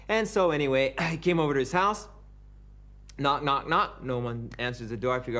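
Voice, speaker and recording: A man's voice: medium pitch, fast talker. A man, a spiritual teacher, telling a story in a sermon, often checking in with "okay?". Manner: animated storyteller, frequent "okay?" check-ins.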